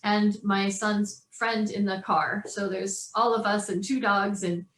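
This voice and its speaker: Animated storytelling woman, echoey room. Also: medium pitch, unhurried. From California. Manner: lively, acts out voices of others in her story. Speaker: interview guest.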